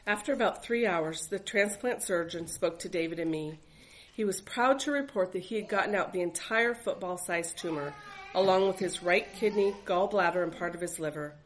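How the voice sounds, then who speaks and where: A woman's voice: fairly low pitch, moderate pace, a little hiss or hum, poor audio. A woman reading aloud from her own memoir as a mother, in an earnest, reflective voice. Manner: earnest, reflective, faith-filled.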